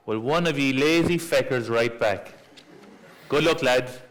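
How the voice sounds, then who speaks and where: A middle-aged Irish man in a stage play, speaking in a measured, gently reasoning way as he reads a letter aloud to his friends. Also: medium pitch, low-quality recording. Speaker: club member reading a letter aloud.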